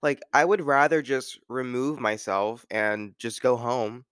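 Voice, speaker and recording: A man's voice: medium pitch, fairly even intonation, a little slow, a bit bright, smooth, no echo, clean studio sound. A man hosting a solo talk, rambling casually and filling gaps with "like" and "you know". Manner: rambling, filler-heavy with frequent "like". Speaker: podcast host.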